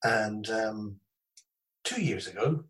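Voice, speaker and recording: A man hosting a podcast, spinning a rambling, animated anecdote with plenty of asides. His voice sits a bit back from the microphone, with a mid-pitched, ordinary tone. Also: normal speed, recorded from a distance, low-quality recording. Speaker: podcast host. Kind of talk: casual storytelling chat.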